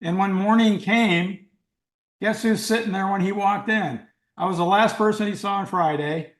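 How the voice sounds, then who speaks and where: Older male storyteller, high-pitched, animated, roomy echo. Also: moderate pace. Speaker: guest. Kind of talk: storytelling in an interview.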